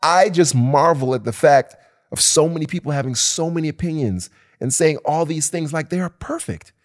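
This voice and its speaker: This podcast co-host has a fairly high-pitched voice and keeps a moderate pace. Animated and swearing liberally, he talks with emphasis and imitates quoted voices in the casual show.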